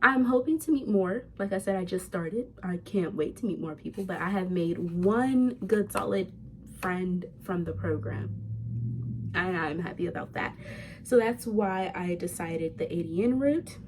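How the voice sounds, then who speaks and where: A woman's voice: lowish voice, animated, a little slow, a little mellow, a little hiss or hum. A young woman, a nursing student, talking candidly and chattily to her viewers in a casual vlog. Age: young adult.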